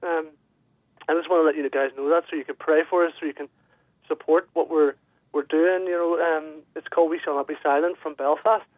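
A man's voice: a little high, steady tone, fairly quick, no room sound. A man with a Northern Irish accent calling into a radio show, earnest and hesitant with many fillers. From Northern Ireland. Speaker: caller. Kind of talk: radio call-in. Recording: tinny phone line.

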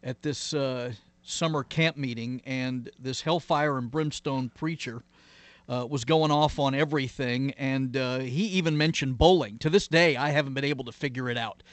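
A man's voice: medium pitch, moderate pace, dry recording. A man, a pastor, telling stories and explaining his faith as an interview guest, earnest, with many "uh"s and "you know"s. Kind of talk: interview guest, reflective storytelling.

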